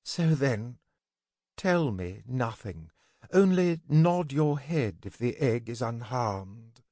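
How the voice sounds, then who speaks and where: A man's voice: mid-range voice, expressive, takes it slowly, darkish tone, no echo, clean studio sound. A man voicing a silvery-voiced dragon queen. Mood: coaxing. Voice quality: silvery, smoky whisper. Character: regal female dragon queen, sly and commanding. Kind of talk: storybook reading.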